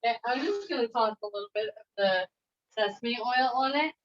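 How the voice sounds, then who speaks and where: A woman's voice: a little high, normal speed. Chatty woman chef demonstrating a recipe. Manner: chatty step-by-step instruction. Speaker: executive chef. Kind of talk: cooking demonstration. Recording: roomy, slightly dull sound.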